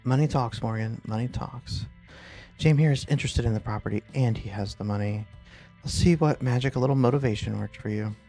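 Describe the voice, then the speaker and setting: A man doing a smug landlord in a game with a gravelly, mellow voice, smooth and condescending as he lays out his terms. Quiet music plays behind him. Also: mid-range voice, fairly quick, close to an everyday voice. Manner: smooth, condescending, coolly threatening. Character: smug scheming middle-aged male landlord.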